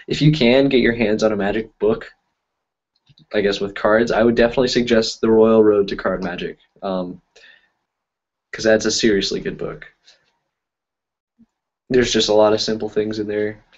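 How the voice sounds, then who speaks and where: A man's voice: lowish voice, steady tone, moderate pace, long pauses, dull audio. A man hosting a casual live stream about magic, telling stories in a rambling way, correcting himself and laughing often. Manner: rambling, self-correcting storytelling with frequent laughs. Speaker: YouTube magic and cardistry creator. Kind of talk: casual live-stream chat answering comments.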